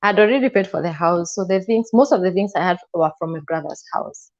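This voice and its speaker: A woman's voice: on the low side, brisk. Kenyan woman recounting her story, lo-fi. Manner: emotional, acts out quoted dialogue. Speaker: guest telling her story. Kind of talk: personal storytelling in an interview. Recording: slightly dull lo-fi sound.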